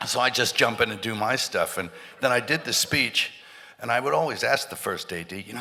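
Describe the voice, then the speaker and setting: A man's voice: mid-range voice, fairly quick, pushed and bright. A man guest telling rambling anecdotes on stage in front of a live audience, with many restarts and bursts of laughter. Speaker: interview guest. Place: large hall with a live audience. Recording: stage hall with reverb, faint noise.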